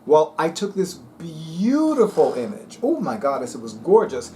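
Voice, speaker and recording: A man's voice: fairly high pitch, big pitch swings, measured pace, hardly any pauses, dark tone, a little hiss or hum. A man talking casually to viewers as a vlog host, sassy, emphatic and dramatic. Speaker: spiritual video host.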